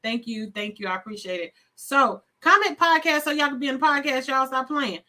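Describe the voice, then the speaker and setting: A woman hosts her live show and speaks right to her viewers with open, gushing affection. Her voice is bright and forward, sitting a little high. She sounds a bit sleepy. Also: fairly quick. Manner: effusive, talks straight to viewers. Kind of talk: casual live-stream sign-off.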